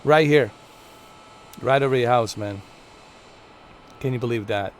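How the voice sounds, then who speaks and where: A man's voice: medium pitch, unhurried, slight background noise. A man streaming a flight game, giving chatty, playful live commentary to his viewers. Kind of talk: casual gameplay commentary.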